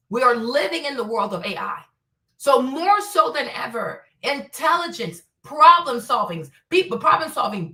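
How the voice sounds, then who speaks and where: With a fairly high pitch and a pushed, bright quality, an African woman hosting a livestream goes on a blunt, profane rant. She shares strong opinions through many rhetorical questions. The mic is at a distance in a room full of echo.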